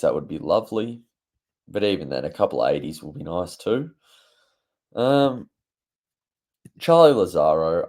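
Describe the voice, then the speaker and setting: A man's voice: low-pitched, a little mellow. A young man, talking casually to his channel with an offhand, chatty manner and frequent fillers. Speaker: fantasy football YouTuber. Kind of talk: casual talk to camera.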